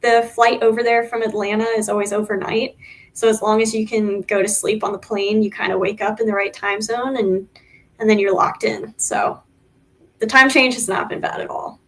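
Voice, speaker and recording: A woman motorcycle racer being interviewed, talking in a friendly, relaxed way with many small fillers. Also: medium pitch, normal speed. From United States. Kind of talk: casual interview.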